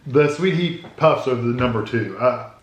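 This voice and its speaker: A man's voice: mid-range voice, moderate pace, reverberant, slight background noise. A man co-hosting a snack taste test, talking plainly and chuckling in casual chat. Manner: relaxed, chuckling, plain-spoken.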